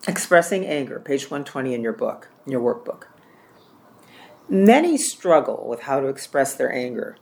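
A man's voice: medium pitch, big pitch swings, moderate pace, vocal fry. A man leading a church care-ministry training class, teaching in a plain-spoken way and often repeating or correcting himself.

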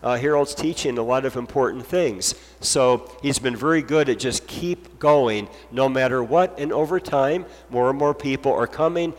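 Earnest male pastor preaching in a hall. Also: medium pitch. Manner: earnest, emphatic repetition. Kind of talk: sermon.

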